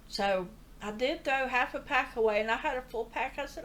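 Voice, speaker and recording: A woman's voice: a little high, steady tone, normal speed, a little hiss or hum. An older woman earnestly telling a personal story in a chatty way, with asides. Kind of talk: casual testimony.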